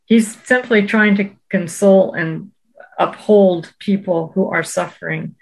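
Woman with a gravelly voice reading scripture. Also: medium pitch, unhurried, low-quality recording. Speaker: Bible study participant. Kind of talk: group discussion with scripture reading.

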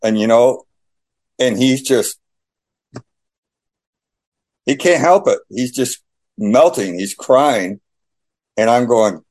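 Slow and mid-range, with long pauses, a man recounts his personal faith testimony in conversation. He tells it in an animated style, acting out the exchanges.

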